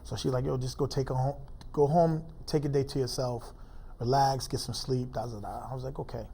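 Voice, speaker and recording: Male interview guest, mellow low-toned voice, informal halting delivery, heavy personal story. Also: fairly even intonation, slight background noise. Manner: informal, halting speech with many fillers.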